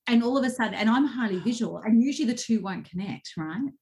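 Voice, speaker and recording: A woman's voice: fairly high pitch, lively intonation, quick pace, a little mellow. A woman coach telling stories animatedly in a casual interview, acting out quotes with bursts of laughter. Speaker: guest, communication coach.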